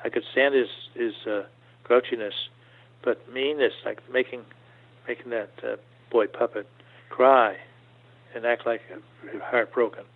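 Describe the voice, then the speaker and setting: An older man telling stories as an interview guest, halting often and repeating words as he goes. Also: mid-range voice, fairly even intonation. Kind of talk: storytelling interview. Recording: tinny phone-like line.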